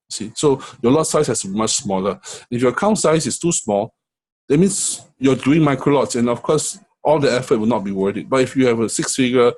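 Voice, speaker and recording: Middle-aged male trading coach, husky, conversational screen-share lesson. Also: medium pitch, a little mellow, low-quality recording. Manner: conversational, many fillers and "right?" checks.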